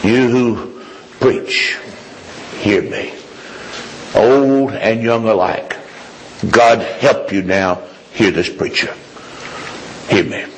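A man preaching a sermon with an emphatic, repetitive cadence, moving from low confiding tones to high ringing declarations. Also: extremely slow, long pauses, slight background noise, poor audio.

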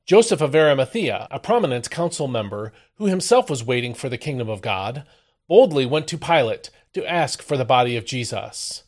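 A man hosting a daily devotional, reading a Bible passage aloud and then explaining it, with expressive emphasis on the quoted lines. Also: mid-range voice, moderate pace. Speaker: devotional host. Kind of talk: scripture reading and devotional commentary.

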